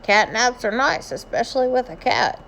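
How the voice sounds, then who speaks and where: A woman's voice: fairly high pitch, expressive, normal speed, gravelly, a bit bright, slight background noise, pitched above the performer's own voice. A woman voicing a playful, joking middle-aged husband in a children's storybook. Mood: teasing. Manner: teasing.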